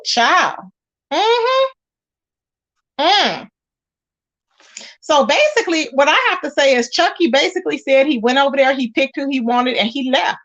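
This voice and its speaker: Sassy high-voiced woman spilling gossip. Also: muffled recording. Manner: sassy, emphatic, rhetorical questions to viewers. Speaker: commentary channel host. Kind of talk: casual gossip commentary.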